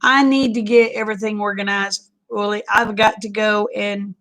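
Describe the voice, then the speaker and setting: A woman, chatting casually with viewers on a livestream, folksy and quick to laugh. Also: mid-range voice, level tone, a bit bright, low-quality recording. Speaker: livestream host.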